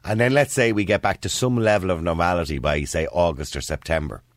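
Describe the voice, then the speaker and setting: A man with an Irish accent hosting a radio phone-in, brisk and emphatic, often jumping in on callers. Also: sits low, dry recording, studio quality. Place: radio studio.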